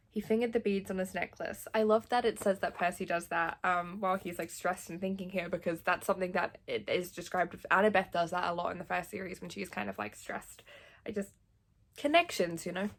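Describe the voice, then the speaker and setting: A woman's voice: mid-range voice, fairly even intonation, brisk. Young woman, book vlogger, chatty and gushing, reads then reacts. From Australia. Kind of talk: casual reading and commentary.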